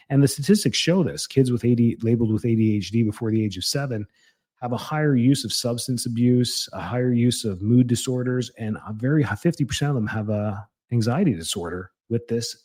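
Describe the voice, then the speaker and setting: A chiropractor hosting a show, giving parents advice in a casual, reassuring way, with many fillers and restarts. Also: male voice, medium pitch, warm tone. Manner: conversational, with frequent fillers and restarts; reassuring, explanatory. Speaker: chiropractor host.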